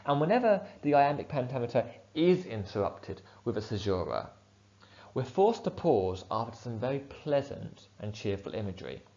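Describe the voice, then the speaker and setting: A male teacher giving a measured, clear explanation of a poem, with the odd filler. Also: mid-range voice, big pitch swings, dark tone. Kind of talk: poetry analysis lesson. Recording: dull lo-fi sound.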